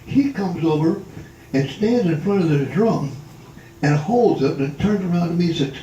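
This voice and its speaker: Slightly high and expressive, mellow at a moderate pace with the highs cut off, this voice belongs to a retired drummer and tap dancer in his 80s. He wanders through life stories for a family reunion gathering in an indoor hall, full of restarts and fillers, recorded far from the mic with roomy echo and faint hum.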